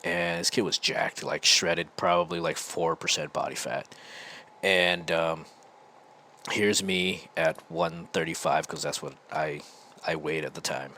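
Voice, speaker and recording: A man's voice: a bass voice, steady tone, unhurried, sharp tone, slight background noise. An American man hosting a podcast, telling a casual, rambling story full of restarts. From United States. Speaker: podcast host.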